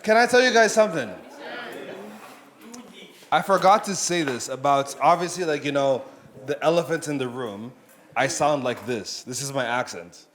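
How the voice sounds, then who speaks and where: A man's voice: medium pitch, expressive, normal speed, pauses often, fairly bright tone. A man doing a stand-up set with brash, profane crowd work. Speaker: stand-up comedian.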